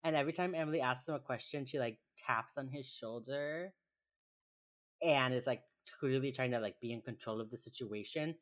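Chatty podcast co-host recapping an episode. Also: medium pitch. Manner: chatty, quick asides, frequent "like" fillers. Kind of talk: casual episode recap chat.

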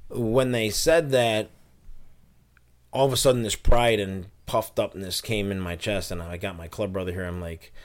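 A man with a fairly low voice tells his personal story as an interview guest. He talks earnestly, circling back with fillers and restarts as he recalls events. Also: steady tone, moderate pace. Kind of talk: personal testimony.

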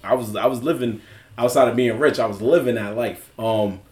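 Casting: male podcast co-host, mid pitch, lively storyteller who laughs a lot; roomy echo. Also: moderate pace. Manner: animated storyteller, acts out scenes, laughs often. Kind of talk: casual chat.

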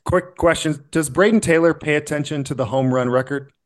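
A man's voice: a little high, fairly quick. A man co-hosting a sports podcast, asking questions in a casual, jokey way and laughing often. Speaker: podcast co-host.

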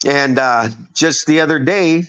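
A man's voice: fairly high pitch, measured pace, a bit bright, clear, resonant tone. A man of fifty telling a story on a podcast, rambling and swearing as he talks. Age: 50s. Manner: profane, rambling, emphatic. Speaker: podcast guest. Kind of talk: casual storytelling. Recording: dull lo-fi sound.

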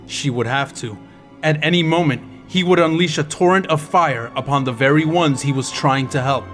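A man's voice: mid-range voice, moderate pace, fairly bright tone, soft background music. Intense male audiobook narrator. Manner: dramatic, intense storytelling.

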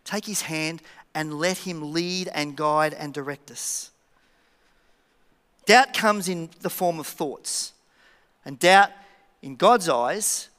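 High, bright-voiced male pastor preaching. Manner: animated, joking, with dramatic drops to a hush. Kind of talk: sermon. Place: church auditorium. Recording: church hall reverb.

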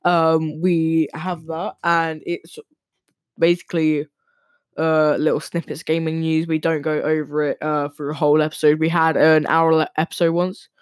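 A male podcast host talking casually and very fast, with lots of ums and restarts. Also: fairly high pitch, level tone, clear, resonant tone, dry recording, studio quality. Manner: talks very fast with many fillers and restarts. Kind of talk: casual solo podcast talk.

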